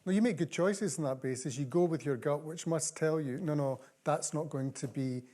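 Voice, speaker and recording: A woman interviewing on stage, offering measured, thoughtful remarks. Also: deep voice, mellow. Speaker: interviewer and event chair. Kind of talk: onstage interview.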